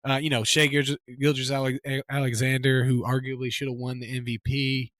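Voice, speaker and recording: A man's voice: medium pitch, flat delivery, a little fast, fairly bright tone, dry recording. A man co-hosting a sports podcast in casual chat, talking in an emphatic, rambling way with many restarts. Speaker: podcast co-host.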